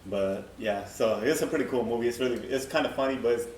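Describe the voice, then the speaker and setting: Young man, laid-back co-host, mid pitch, sits back from the mic, echoey room. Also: fast talker, a little mellow. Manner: laid-back, prompting questions. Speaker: podcast co-host. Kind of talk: casual chat. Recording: distant, echoey room, faint noise.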